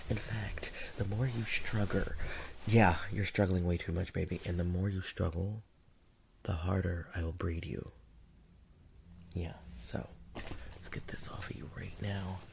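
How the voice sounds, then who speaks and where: Whispered role-play: a slow, deep-voiced, dominant creature that mocks and teases, acted by a man, with a faint noise floor. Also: fairly even intonation, darkish tone. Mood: taunting. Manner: taunting, breathy, often whispered, with chuckles. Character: dominant, mocking non-human male creature.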